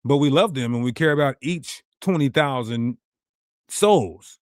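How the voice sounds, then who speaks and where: Speaking a little slowly in a medium-pitched voice with lively intonation, a male ministry teacher delivers an animated, emphatic lesson. He uses rhetorical flourishes and addresses viewers head-on. The audio is clean studio sound with no echo.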